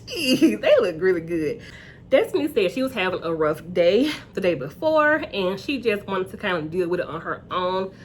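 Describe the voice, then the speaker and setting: Animated woman recapping a reality show. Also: a little hiss or hum. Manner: chatty, animated, acts out quotes in high voices. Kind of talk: casual episode recap.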